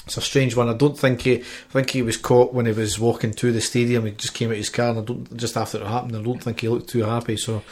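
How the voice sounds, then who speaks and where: A man's voice: medium pitch, level tone, fast, hardly any pauses, darkish tone. Jokey Scottish man reading football news. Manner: jokey, hesitant with many ums. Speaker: podcast co-host.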